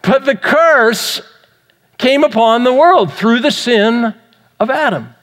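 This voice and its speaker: A man with a high voice delivers an earnest Sunday sermon as the pastor. He keeps asking rhetorical questions as he preaches. His voice rings out with a long reverb, as in a church sanctuary. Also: expressive, takes it slowly, a bit bright.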